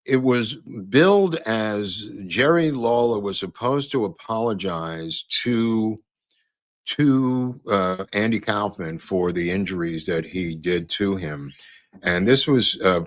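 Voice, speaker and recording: A man's voice: lowish voice, slow pace, no echo. A man hosting a podcast, talking casually over photos and clips in a rambling way with many fillers and restarts. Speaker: podcast host.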